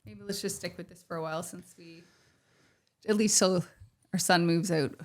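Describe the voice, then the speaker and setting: A middle-aged woman co-hosting a casual home podcast, agreeable and quick to laugh. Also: steady tone. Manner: agreeable, laughing, low-key. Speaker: podcast co-host.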